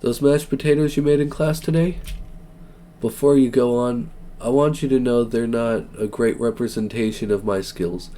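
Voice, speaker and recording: A man voicing a gentle older male chef who speaks softly and earnestly. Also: fairly even intonation, normal speed, natural voice. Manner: soft, low and earnest.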